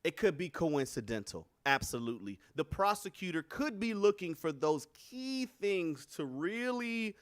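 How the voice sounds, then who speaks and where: A man talks to his livestream audience in loose, salty commentary, and his voice sits a little high for a man. He gets animated and cracks up often. The sound is dry and close, with no room around it. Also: normal speed, few pauses, dry recording. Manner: animated, profane, bursts into laughter. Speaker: livestream host.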